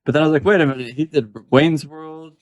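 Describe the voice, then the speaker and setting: A man co-hosting a podcast in relaxed casual chat, swearing offhandedly. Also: on the high side, fast talker, dull audio. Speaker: podcast co-host.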